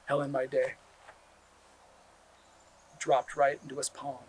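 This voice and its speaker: A man telling a traditional story aloud, animated, with drawn-out repeated phrases. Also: mid-range voice, a little hiss or hum, poor audio. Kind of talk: oral storytelling.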